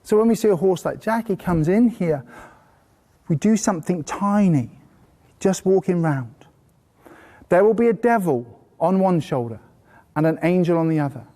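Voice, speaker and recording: A man teaching a horse-training course to a live group indoors, telling lively stories and bursting into playful praise voices. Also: sits high, normal speed, pauses often. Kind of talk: live workshop talk to a group. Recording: long hall reverb.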